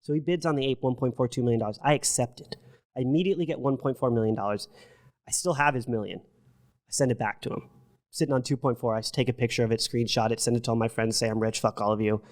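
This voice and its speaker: Fast-talking man telling a wild story. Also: medium pitch. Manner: animated, profane, acts out quotes. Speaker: podcast guest. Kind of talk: storytelling in casual chat.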